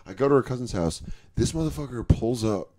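A man on a podcast, telling stories in a casual, animated way, acting out both sides of conversations and swearing often. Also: mid-range voice, brisk, a little hiss or hum. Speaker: podcast guest comedian. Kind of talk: casual storytelling chat.

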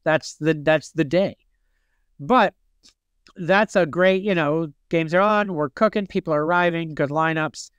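A man from Michigan co-hosting a podcast who rambles through a playful story. His voice sits a bit high and sounds clean and smooth. The room is dry. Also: a little slow, a bit bright, no room sound, highs cut off. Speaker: podcast co-host. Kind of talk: casual chat.

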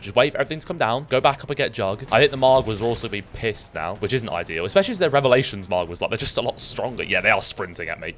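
Excitable man narrating gameplay. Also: mid-range voice, fast, hardly any pauses, a little hiss or hum. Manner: excitable, swears, talks to himself. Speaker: gaming YouTuber. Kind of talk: live gameplay commentary.

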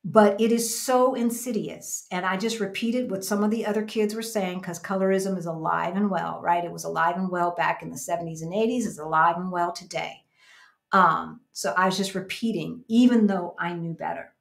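This livestream co-host, a woman from the United States in her fifties, has a gravelly, fairly low voice with a steady tone at normal speed. She chats casually, reads viewer comments, and reflects as she tells stories.

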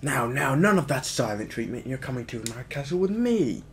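A pompous monster king from a video game gloats over his captive, read aloud by a man. The voice swings up and down with animated pitch. Faint noise sits behind it. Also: a little fast. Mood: gloating.

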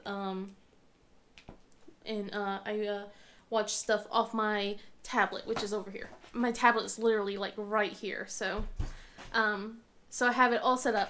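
A young woman talks casually to her camera from the couch at home. She rambles, restarts her sentences and laughs a lot, in a fairly high voice. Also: slight background noise. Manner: acts out her young son's lines in a high voice. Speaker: crafting vlogger.

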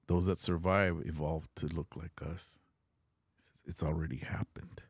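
Man doing a telepathic future alien, low, hushed, calm, dry close mic. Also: unhurried, husky, no echo, heavily acted.

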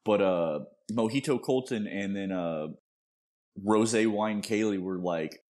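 A man's voice: on the low side, measured pace, a little mellow. A young man co-hosting a casual podcast, trading crude jokes and anecdotes. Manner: crude, joking banter. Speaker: podcast co-host. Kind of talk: casual chat.

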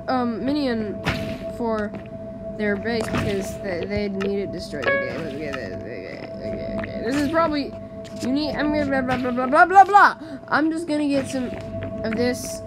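Chatty woman gamer, loud music behind. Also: mid-range voice. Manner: chatty, excitable, self-interrupting. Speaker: gamer, channel host. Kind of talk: casual gaming commentary. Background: loud game music.

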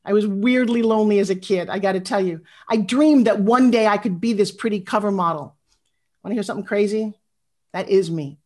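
A woman in her fifties giving a motivational speech, animated and confessional, talking straight to her audience and asking for their replies. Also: medium pitch, a little fast. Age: 50s. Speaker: motivational speaker.

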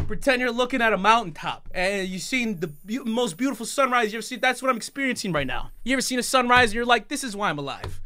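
A young adult man live streaming, talking loudly and excitedly with lots of swearing and frequent shouts. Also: very high-pitched. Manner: loud, profane and jubilant, often shouting.

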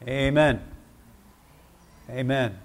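A man's voice: medium pitch, very slow. A man preaching a sermon in church, talking conversationally and asking the congregation questions.

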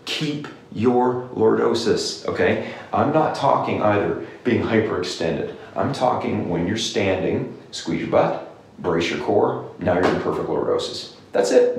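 In a direct-to-camera rant video, a man working as a clinician forcefully lays out exercise tips, tossing in "okay?" again and again. He has a medium pitch with vocal fry, recorded from afar in a heavily echoing room, a bit off-mic, with faint background noise.

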